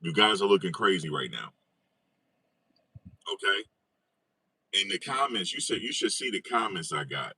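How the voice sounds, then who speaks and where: Low husky-voiced man ranting. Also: sing-song, normal speed, bright, forceful tone, dry recording. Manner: incredulous, repeats his own phrases. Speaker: online commentator. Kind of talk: casual commentary vlog.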